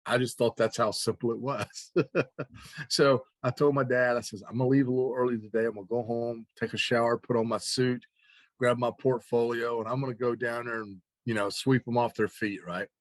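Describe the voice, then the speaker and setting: A man telling an animated anecdote as an interview guest, acting out the other people's lines and laughing along. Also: mid-range voice, fairly quick, no room sound. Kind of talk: casual storytelling.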